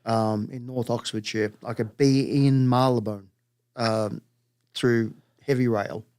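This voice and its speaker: A man's voice: medium pitch, steady tone, a little slow, a little mellow, clear, resonant tone. Slangy man chatting on a podcast. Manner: slangy, mild swearing. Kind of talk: casual podcast chat.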